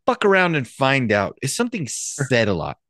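Wisecracking man with a lively voice. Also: mid-range voice, normal speed, dry recording, clean studio sound. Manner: wisecracking, profane. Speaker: podcast co-host. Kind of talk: casual chat.

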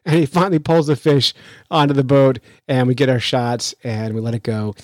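Man, podcast host, casual storyteller, mid-pitched, dry close mic. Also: normal speed, no room sound. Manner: lively, chatty, with frequent restarts. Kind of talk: casual storytelling and news commentary.

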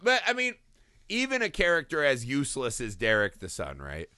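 Lively, bright-voiced man riffing on movies. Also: mid-range voice, normal speed, no room sound, studio quality. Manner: animated, acts out quotes from scenes, laughs often, swears. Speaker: podcast co-host. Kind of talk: casual movie review chat.

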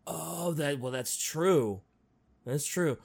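A man's voice: a little high, slow pace, gravelly, a little mellow, husky. A man in casual podcast chat who reacts with exclamations, laughs often and teases sarcastically. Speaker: podcast co-host.

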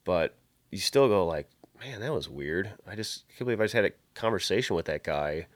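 A man's voice: low voice, expressive, brisk, dry recording, studio quality. A man who builds guitar pedals, telling long rambling stories in casual chat, swearing often and acting out the voices in his stories. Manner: rambling storyteller, heavy swearing, acts out quoted dialogue.

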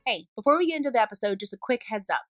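A woman's voice: lively intonation, racing, soft background music. Bouncy woman reading a sponsor spot. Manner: upbeat, bouncy sales pitch. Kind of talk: ad read.

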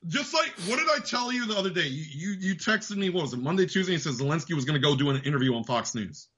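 High, bright-voiced man ranting profanely. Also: animated, quick pace, dull audio. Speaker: host. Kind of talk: ranting political commentary.

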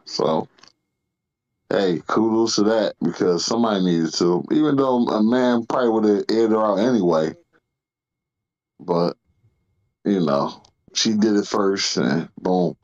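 A man's voice: lowish voice, measured pace, dull audio. A man co-hosting a podcast in a laid-back, casual way, often saying "you know what I'm saying". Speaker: podcast co-host. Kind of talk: casual chat.

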